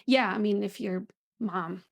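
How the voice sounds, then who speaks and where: A woman's voice: mid-range voice, a little slow, vocal fry. A woman co-hosting a podcast, chatting casually with lots of laughter and fillers. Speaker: podcast co-host. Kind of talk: casual chat. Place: apartment room.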